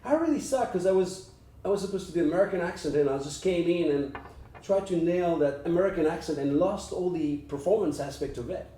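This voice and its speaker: A man speaking earnestly and with emphasis as a guest in a casual interview. His voice sits somewhat high and sounds mellow. It is picked up from a distance in an echoey room. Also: expressive, fairly quick, slight background noise. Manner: earnest, emphatic advice-giving. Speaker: actor guest. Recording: roomy sound from a distant mic.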